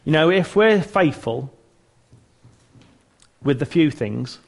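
A man's voice: fairly high pitch, lively intonation, slow pace, gravelly. Earnest, chatty man teaching church. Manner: chatty and earnest, with frequent restarts and self-mocking humour. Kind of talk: informal church teaching talk.

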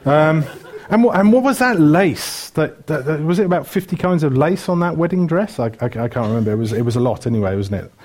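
A man's voice: a little high, animated, brisk, hardly any pauses, a little mellow. A middle-aged man from Wales, preaching a chatty sermon, joking and listing things with lots of ums. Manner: chatty and joking, lists things with many fillers.

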